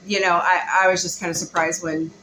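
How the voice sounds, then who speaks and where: A chatty woman hosts a relaxed home vlog, her bright voice bouncing around a roomy space. She talks loosely, filling pauses with ums. A faint hiss sits underneath. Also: lowish voice. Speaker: vlog host and mother. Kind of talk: casual chat. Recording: roomy, light background hiss.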